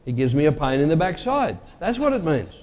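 A man's voice: fairly high pitch, sing-song, fairly quick, a little mellow, in a large hall. A male preacher giving a conversational sermon and quizzing his congregation with everyday sayings.

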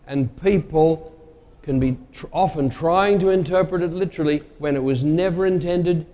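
A man's voice: a little high, normal speed, dark tone, big-room sound. A male preacher giving a conversational sermon and quizzing his congregation with everyday sayings.

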